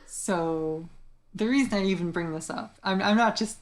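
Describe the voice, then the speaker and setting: A woman's voice: medium pitch, moderate pace. A young woman co-hosting a casual chat, rambling with many fillers and restarts. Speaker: podcast co-host.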